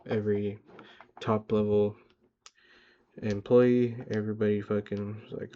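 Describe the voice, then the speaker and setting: A man's voice: on the low side, level tone, measured pace, pauses often, dark tone. A young man rambling through a casual, profane, self-hyping motivational monologue for his vlog, talking to himself in a car. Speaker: vlogger. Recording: dull lo-fi sound.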